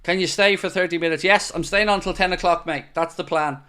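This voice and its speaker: Irish guy, young, chatty live stream host, kinda high voice, gets fired up and teasing. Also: fairly quick, clean tone. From Ireland. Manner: chatty, animated, playfully defiant. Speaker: fan channel host reading live chat. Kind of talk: casual live-stream chat.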